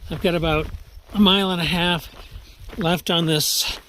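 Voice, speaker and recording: A man vlogging a long-distance hike outdoors on a mountain trail, talking in a rambling way with pauses and restarts. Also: a little high, steady tone, pushed and bright, slight background noise. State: out of breath. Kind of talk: trail vlog.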